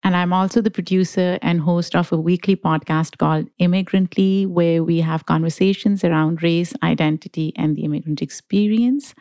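A woman from Pakistan, a guest on a podcast, answering in a measured, earnest way. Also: on the low side, fairly even intonation, mellow, dry recording. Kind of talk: interview answers.

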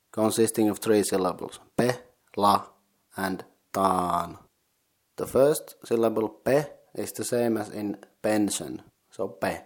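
A man hosting a podcast, teaching game words slowly, syllable by syllable, while sitting in an unheated sauna. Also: on the low side, a little mellow. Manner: slow, careful syllable-by-syllable pronunciation. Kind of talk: casual language lesson.

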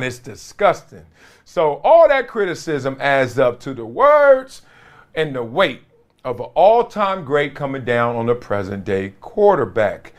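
Animated, slangy sports-talk man. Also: mid-range voice, a little slow. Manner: animated, laughing, slangy and blunt. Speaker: podcast host, former pro football player.

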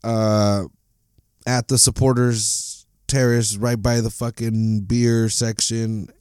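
A man's voice: medium pitch, level tone, slow pace, a little mellow, clear, resonant tone, no room sound, studio quality. A man hosting a solo sports podcast, ranting bluntly and swearing constantly. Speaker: podcast host.

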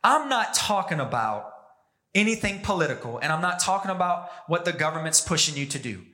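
High, bright-voiced male pastor preaching. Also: very animated, fairly quick. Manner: emphatic, varies pitch and pace for emphasis. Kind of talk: sermon.

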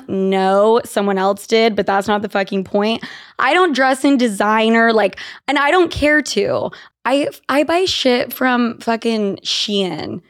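A young woman from Utah hosting a podcast, telling candid, profane stories in casual chat. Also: on the high side. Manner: candid, profane, animated storytelling. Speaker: podcast host.

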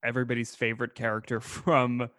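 A man co-hosts a casual podcast about old movies, rambling from one thought to the next. He sounds animated and laughs often, at an ordinary pitch. The recording is close and dry, with no room sound. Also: fast, dry recording. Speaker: podcast co-host. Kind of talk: casual film discussion.

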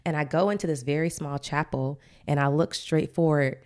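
A woman in her thirties, co-hosting a podcast, telling a faith story in animated, casual chat. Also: low-pitched, moderate pace. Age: 30s. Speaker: podcast co-host.

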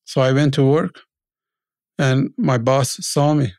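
Gravelly middle-aged man telling his story. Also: mid-range voice, darkish tone, no echo. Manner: halting, repeats words, acts out quoted voices. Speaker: storyteller recalling his immigration. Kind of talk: casual spoken memoir.

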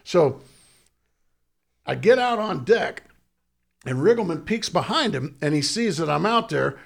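A man's voice: fairly high pitch, measured pace, gravelly. A middle-aged man, a former ballplayer, telling a story in casual chat and laughing through it. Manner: laughs through his own story, animated. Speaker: former pro baseball first baseman, guest.

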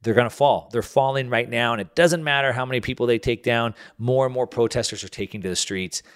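A man's voice: mid-range voice, a little fast, clean tone. Emphatic man hosting solo commentary. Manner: emphatic, repeats words while building a point. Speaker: podcast host.

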